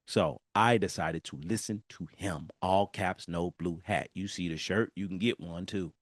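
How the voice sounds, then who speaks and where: A low-sitting, slightly slow male voice is heard in clean studio sound with no echo. The Southern California host of this casual solo podcast laughs through his animated storytelling and talks right to his listeners.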